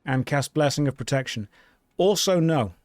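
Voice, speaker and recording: A man live-streaming an online game, chatting casually with his viewers and joking in a deadpan way while reading their messages aloud. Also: on the high side, moderate pace, no room sound, studio quality, faint music behind.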